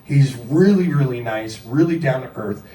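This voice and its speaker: A man from Philadelphia, a rock singer, telling a casual anecdote in an animated, profane, self-deprecating way and acting out the quotes. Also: mid-range voice, normal speed. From Philadelphia, USA. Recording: roomy echo, distant mic, faint music.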